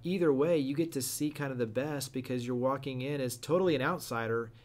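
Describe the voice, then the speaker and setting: A man's voice: mid-range voice, fairly quick, a little mellow. A man hosting a casual interview, affirming and summing up his guest's points. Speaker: interview host.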